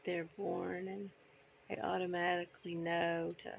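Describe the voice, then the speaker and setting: Slow, gravelly woman cooing to her birds. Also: fairly low pitch, flat delivery, a little hiss or hum. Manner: cooing baby talk with soft whispered asides. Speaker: bird owner. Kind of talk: casual talk to pet birds.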